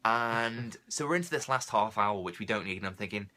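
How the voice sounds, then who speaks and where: A young man with a cold, hosting a casual film review podcast and ranting in an animated, rambling, comic way. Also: lowish voice, fairly quick. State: has a cold, coughing.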